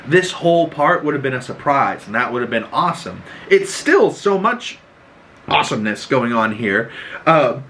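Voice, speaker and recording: A man hosting a podcast, recapping a show in excitable casual chat, swearing freely and acting out the scenes. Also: medium pitch, a little hiss or hum, poor audio. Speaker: podcast host.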